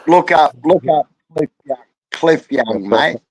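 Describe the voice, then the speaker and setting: A man's voice: a little high, expressive, slow pace, breathy edge, no room sound, low-quality recording. Crude-talking Australian man. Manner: crude banter, heavy swearing, Aussie slang. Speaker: live stream guest. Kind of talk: casual live stream chat.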